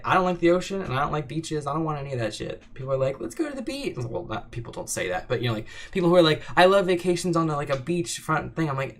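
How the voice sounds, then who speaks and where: A man's voice: mid-range voice, a bit bright. A man chatting casually on a livestream, rambling and joking with lots of fillers while reading out chat. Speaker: streamer answering chat.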